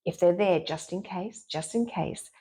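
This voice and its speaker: A middle-aged woman, a therapist, frankly and lively telling a personal story as a guest in an interview. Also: fairly low pitch, unhurried, slightly rough. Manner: frank and lively, acts out her own inner voice.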